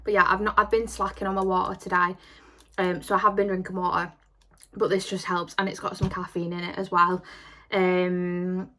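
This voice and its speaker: A woman's voice: medium pitch, a bit bright. A young woman, an online fitness coach, chatting casually to camera at home in a rambling way that repeats itself. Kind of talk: casual vlog chat.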